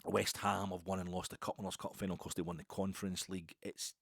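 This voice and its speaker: Deep-voiced wry man. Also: level tone, quick pace, vocal fry, fairly bright tone, no room sound. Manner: rambling, chatty, wry, many restarts and asides. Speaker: podcast host. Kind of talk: casual football podcast monologue.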